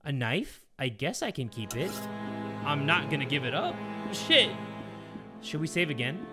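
A man's voice: on the high side, very animated, moderate pace, over loud music. A man giving casual, joking, crude commentary while playing a horror game. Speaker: gaming video creator.

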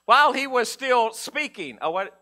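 A man preaching a sermon in a casual, conversational way, acting out Bible figures in a low mumble. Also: animated, normal speed, pushed and bright. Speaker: pastor.

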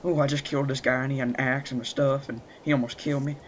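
A man chatting casually over gameplay as the channel host, excitable and jokey, breaking into loud shouts. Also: medium pitch, fast talker, a little hiss or hum.

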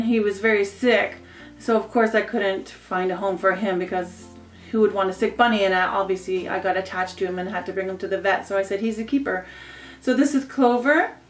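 A woman's voice: a little high, a bit bright, reverberant. A woman chatting casually about her pets at home, rambling a little and cooing at the animals. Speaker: pet vlogger. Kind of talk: casual show-and-tell.

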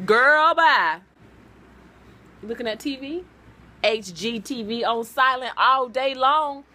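A spirited, dramatic woman vlogging at home, chatting casually and cooing softly to her babies. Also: sits high, normal speed. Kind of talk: casual home vlog chat. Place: at home and out in the snow.

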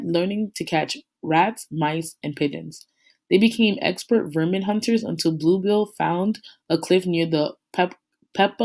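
A woman teacher reading a novel chapter aloud to her class, in a steady, unhurried storytelling manner. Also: fairly low pitch.

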